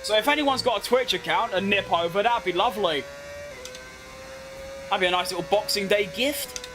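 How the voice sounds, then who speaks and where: This is a young British game streamer talking casually through a racing game, addressing both himself and his viewers in a slangy, self-deprecating way. He has a high voice and a normal speaking speed, with background noise in the clip.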